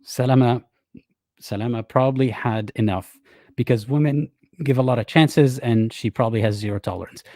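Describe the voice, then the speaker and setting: A man's voice: mid-range voice, warm tone, no room sound, clean studio sound. A man hosting a reaction video, commenting sarcastically and mocking the people he quotes. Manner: sarcastic and mocking, quotes others in exaggerated voices. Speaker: commentary host.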